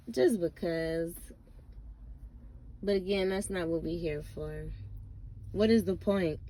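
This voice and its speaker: A woman vlogger ranting casually to camera, blunt and profane, rambling with lots of fillers and asides. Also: lowish voice.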